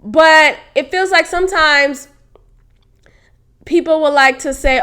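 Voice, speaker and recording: A woman's voice: sits high, steady tone, a little slow, sharp tone. A young woman hosting a podcast, telling a workplace story casually and candidly, swearing freely and laughing as she goes. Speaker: podcast host.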